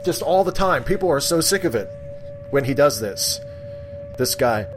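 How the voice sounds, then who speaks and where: A man's voice: medium pitch, expressive, moderate pace, music in the background. A man co-hosting a podcast, playing along in an improvised comedy sketch in a laid-back, joking way. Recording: noisy background.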